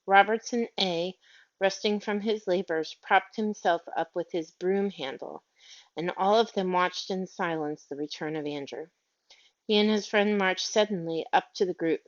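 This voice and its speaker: A woman narrating a children's story aloud in a gentle, measured reading. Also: fairly low pitch. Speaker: audiobook reader. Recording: dull lo-fi audio.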